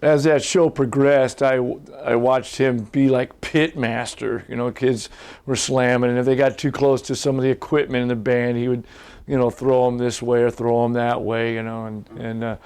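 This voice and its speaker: A man's voice: mid-range voice, flat delivery, moderate pace, darkish tone, clear, resonant tone. A man reminiscing with easygoing chuckles in a documentary interview.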